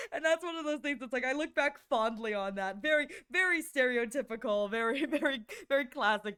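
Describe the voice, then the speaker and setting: Young woman, streamer, casual chat, giggly, rambling, high voice, smooth tone. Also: fairly bright tone.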